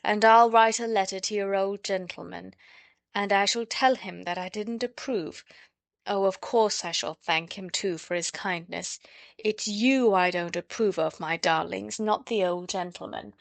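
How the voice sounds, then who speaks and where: A woman voicing a gentle but firm mother of three, speaking slowly and with measured weight. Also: medium pitch, creaky, dry recording.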